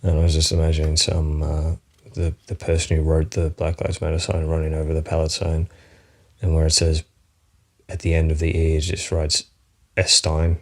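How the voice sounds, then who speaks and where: A man's voice: rumbling low, monotone, moderate pace. An Australian man hosting a solo comedy podcast, rambling and swearing freely. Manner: rambling, profane, chuckling often. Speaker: podcast host.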